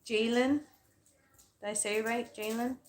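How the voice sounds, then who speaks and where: A woman's voice: a little high, animated, measured pace, fairly bright tone. A woman hosting a casual livestream as a psychic reader, telling stories in a heated, profane way and sounding tired. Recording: echoey room.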